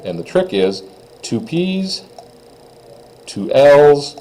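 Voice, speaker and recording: Speaking extremely slowly with big pitch swings, a man with a mellow voice on the high side teaches beginner French in a recorded class, heard on a rough recording. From Minnesota, he's patient and plain-spoken, explaining phrases and raising his voice to model pronunciation.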